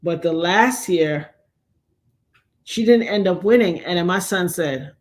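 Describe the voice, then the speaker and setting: A middle-aged woman hosting a livestream, chatting casually and telling animated stories while acting out the voices she quotes. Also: on the low side, measured pace. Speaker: livestream host. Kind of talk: casual storytelling chat.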